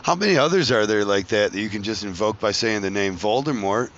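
Bright-voiced man rambling jokingly. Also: fairly low pitch, animated, brisk, a little hiss or hum. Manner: joking, profane, wanders between tangents. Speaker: podcast host. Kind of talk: casual rambling monologue. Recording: dull lo-fi recording.

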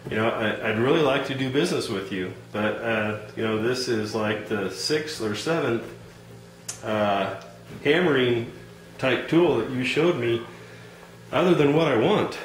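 A man playing a calm, polite customer who hesitates and fills his sentences while growing frustrated in a comedy sketch. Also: medium pitch, a little slow, reverberant, slight background noise, natural voice, poor audio. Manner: calm, hesitant, over-polite, lots of fillers.

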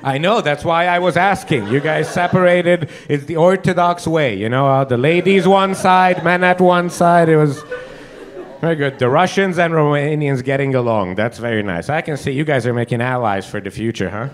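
Stand-up comic, male, fairly high voice, quick teasing crowd work, club stage mic. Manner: teasing, quick asides, frequent put-on quotes. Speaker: stand-up comedian hosting.

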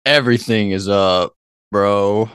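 A man's voice: on the low side, steady tone, takes it slowly, fairly bright tone, smooth, dry recording, studio quality. A man co-hosting a film podcast in casual chat, playful and rambling. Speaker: podcast co-host.

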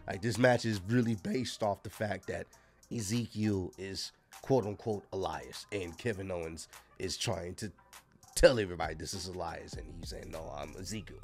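A man's voice: sits low, moderate pace. Laid-back man reviewing wrestling, faint music. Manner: laid-back, frank, many fillers and restarts. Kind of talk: casual solo review talk.

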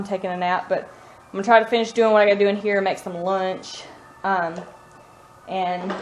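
A woman's voice: medium pitch, noisy background. A woman in her thirties with a Southern US accent, a mom chatting casually and rambling to her camera at home, laughing often. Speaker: mom vlogger. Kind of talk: casual chat. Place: living room at home.

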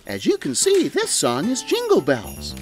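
A woman's voice: a little high, huge pitch swings, unhurried, heavily acted. A woman voicing a giggly talking Christmas tree. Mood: playful. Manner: bubbly, giggly, sing-song, coaxing an audience. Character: cheerful female talking Christmas tree, jolly host. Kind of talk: children's show character voice. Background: jingle bell music.

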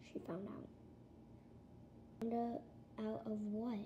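A woman's voice: on the high side, a little slow, lo-fi sound, background noise, lightly acted. A female performer playing a worried pet father who pleads with his child, in a toy-pet home video role-play. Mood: pleading. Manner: pleading, soothing.

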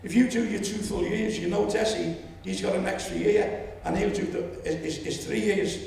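A man in his seventies with a Liverpool accent, telling a story at a public meeting and rising to loud indignation. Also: sits high, fairly even intonation, normal speed, gravelly. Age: 70s. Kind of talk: impassioned public speech. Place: lecture hall. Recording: echoey hall, distant mic.

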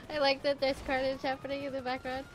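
A woman's voice: sits high, slight background noise. A young woman streaming live, overwhelmed and close to tears, laughing and exclaiming in disbelief. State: near tears.

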